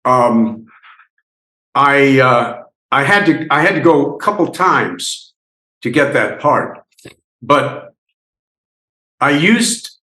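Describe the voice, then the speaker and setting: Slow-talking older man in an echoey room. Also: mid-range voice, bright, forceful tone. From United States. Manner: rambling, halting storytelling with many restarts. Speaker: actor interviewee. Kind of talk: reminiscing interview.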